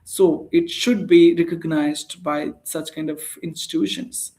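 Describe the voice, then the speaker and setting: A man with an Indian accent gives a casual spoken English lesson in a fairly high voice. He talks earnestly, thinking aloud with fillers and restarts. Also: flat delivery, measured pace, dark tone. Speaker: English teacher.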